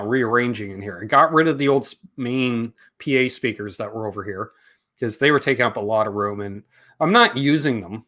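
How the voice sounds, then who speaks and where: A man's voice: medium pitch, fairly bright tone. Man, Canadian accent, casual stream host, joking, profane. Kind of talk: casual livestream chat.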